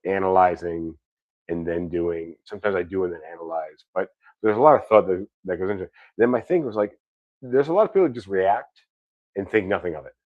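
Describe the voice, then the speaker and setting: A man's voice: low-pitched, a little fast, dry recording, narrow, tinny audio. A man in his thirties with a New York accent, hosting a casual chat, rambling with repeated words and casual swearing. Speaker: podcast host.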